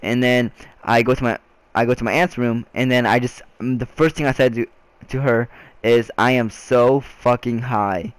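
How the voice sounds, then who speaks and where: A man's voice: mid-range voice, steady tone, moderate pace, clean tone, no echo. A young man vlogging a casual storytime, rambling with frequent restarts and filler words.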